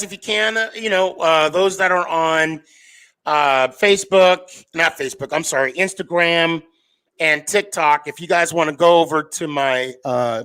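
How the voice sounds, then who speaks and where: A man's voice: on the high side, a bit bright, smooth. A man hosting a live sports podcast stream, talking casually and rambling with lots of fillers and restarts.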